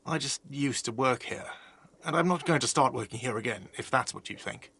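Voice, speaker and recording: A whiny, touchy cafeteria manager. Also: male voice, medium pitch, expressive, moderate pace, pushed and bright, slightly rough, no echo, full character voice. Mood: irritable. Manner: touchy, sarcastic and defensive. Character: irritable, defensive male cafeteria manager. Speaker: video game character. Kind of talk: voiced game dialogue.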